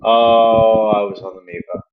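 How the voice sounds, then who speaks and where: A man's voice: fairly low pitch, measured pace, phone-quality sound. A man giving casual, opinionated commentary on a true crime channel, musing aloud. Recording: steady background noise.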